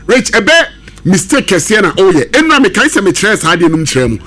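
Animated high-voiced Ghanaian pundit. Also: male voice, normal speed. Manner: excited, emphatic, mixes English and Twi. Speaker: football pundit. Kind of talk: radio sports discussion.

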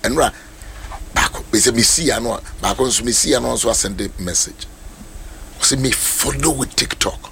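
A man's voice: medium pitch, normal speed, gravelly, a little hiss or hum. A man preaching as pastor, telling stories and switching between Twi and English, acting out the voices of people he met. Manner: animated storyteller, mixes Twi and English, acts out voices. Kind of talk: sermon talk on mentorship.

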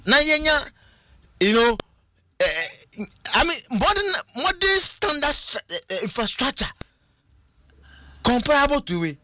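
A man's voice: very high voice, big pitch swings, measured pace, pauses often, sharp tone, no room sound, clean studio sound. A man with a Ghanaian accent talking animatedly as a guest on a radio talk show, switching between Twi and English. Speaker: studio guest.

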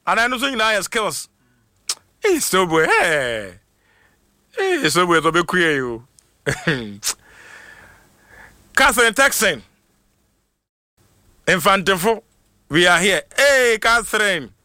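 A man hosting a casual livestream, reading out viewers' names in a lively mix of Twi and English and laughing often. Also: high-pitched, slow, long pauses, no room sound, studio quality. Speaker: livestream host. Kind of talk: casual live shout-outs.

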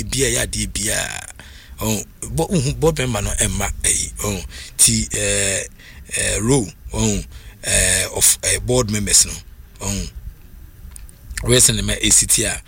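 Animated Ghanaian man, bright husky voice. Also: on the low side, measured pace. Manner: animated, mixing English and Twi. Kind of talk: casual chat.

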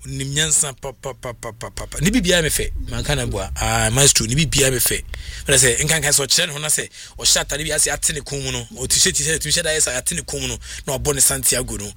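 A man giving animated, excitable sports commentary as a radio host, switching between languages and laughing often. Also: mid-range voice, quick pace.

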